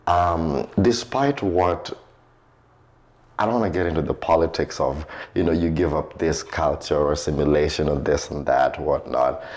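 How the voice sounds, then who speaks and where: A man's voice: a bass voice, normal speed. A Kenyan-born man, a poet and author, telling his stories as a guest in a conversational interview, acting out the voices of the people he quotes. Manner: animated storyteller who acts out quoted voices.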